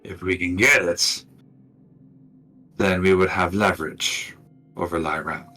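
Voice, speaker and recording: A man plays a cocky rogue boss in a tabletop game, voiced low and softly. He sounds breezy and self-assured, tossing out endearments as he bargains. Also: fairly even intonation, measured pace, soft background music, full character voice. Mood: smug. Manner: calls people love, breezy and cocky. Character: smug confident male rogue leader.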